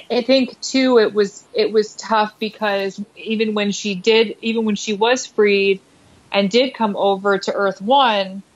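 Female podcast guest, chatty and meandering, slightly muffled remote audio. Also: mid-range voice. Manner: rambling, thinks aloud with "like" and "um". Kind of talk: casual podcast discussion. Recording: dull lo-fi audio.

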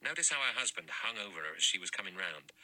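A man's voice: low voice, big pitch swings, fast talker, bright, forceful tone, full character voice, low-quality recording. A man reading an audiobook, voicing a blunt, aggressive man who argues in plain slang.

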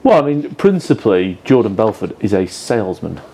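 A man's voice: fairly low pitch, big pitch swings, fairly quick, mellow, slightly rough. A man co-hosting a casual chat about sales, giving blunt opinions and swearing casually. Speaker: podcast co-host.

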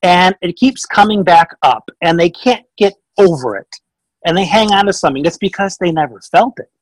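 A man's voice: high voice, moderate pace, no room sound, low-quality recording. A man appearing as an expert guest on a podcast, speaking in an emphatic, coaching way. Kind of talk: casual podcast conversation.

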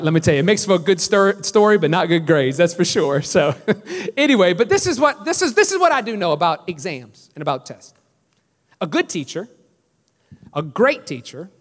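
A man preaching a sermon as pastor, joking and conversational with the congregation. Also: high-pitched. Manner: joking, self-deprecating, conversational. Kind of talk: sermon with storytelling. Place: church. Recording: long reverb of a large hall.

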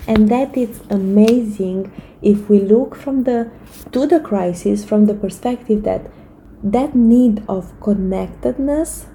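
Woman in her thirties, motivational vlog, earnest and encouraging, very mellow tone, gravelly fry. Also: mid-range voice, slight background noise, rough recording. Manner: earnest and encouraging, with frequent fillers and restarts. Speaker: vlogger giving life advice. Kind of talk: casual motivational talk to camera.

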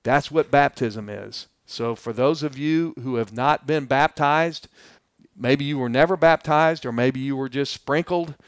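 Male pastor, Bible teacher type: smooth, clear voice, direct and earnest, dry close sound. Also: medium pitch, measured pace, no room sound. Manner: earnest, addresses listeners directly; plainspoken and explanatory.

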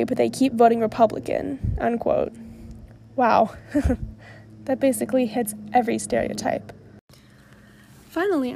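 A woman's voice: a little high, vocal fry, mellow, slight background noise. A young woman from Oklahoma hosting a podcast, commenting in an earnest, mildly indignant way on clips and tweets she plays and reads. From Tulsa, Oklahoma, US. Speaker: podcast host.

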